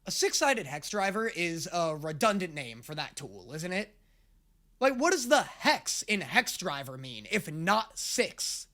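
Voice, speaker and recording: A man hosting a reaction video, speaking in an excitable, sarcastic and profane way. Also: high-pitched, a little slow. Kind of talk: casual reaction commentary.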